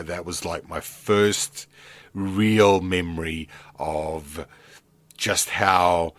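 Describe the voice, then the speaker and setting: A man hosting a podcast, talking casually in a halting, reflective way that trails off. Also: low-pitched, no echo. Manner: halting, stops and restarts, trails off quietly. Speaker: podcast host. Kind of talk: casual chat.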